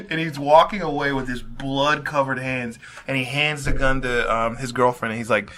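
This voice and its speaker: A man's voice: medium pitch, steady tone, moderate pace, hardly any pauses. A man co-hosting a casual podcast, telling favorite movie scenes with plenty of laughter. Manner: laughs while telling stories, shouts out impressions. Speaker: podcast co-host. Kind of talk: casual chat.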